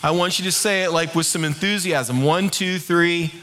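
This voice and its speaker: A middle-aged man preaching a sermon as pastor, lively and conversational, leading the congregation in call-and-response. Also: on the high side, normal speed.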